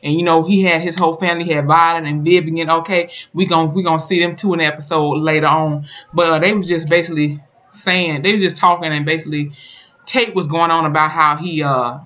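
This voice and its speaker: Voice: mid-range voice, fairly even intonation, a little fast, bright, forceful tone, highs cut off. A YouTuber recapping and reviewing a TV episode in a casual, colloquial way, telling the story with lots of emphasis. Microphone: camera mic.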